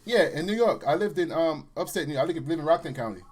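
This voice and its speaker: A man in casual podcast chat, telling stories in an animated way, with sudden loud and hushed turns. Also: fairly high pitch, quick pace, slightly rough. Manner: animated storytelling, swings between loud and hushed. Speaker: podcast guest.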